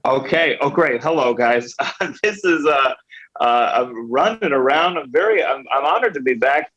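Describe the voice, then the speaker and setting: A man starting a stand-up set over a video call, halting, with many restarts. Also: medium pitch, lively intonation, a bit bright, dull audio. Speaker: stand-up comedian.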